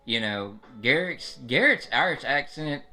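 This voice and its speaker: A man's voice: mid-range voice, animated, unhurried, pushed and bright, faint music behind. A man chatting casually on a live stream, rambling with lots of restarts and fillers. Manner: rambling, restarts, frequent "like" and "you know". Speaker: streamer describing his experience.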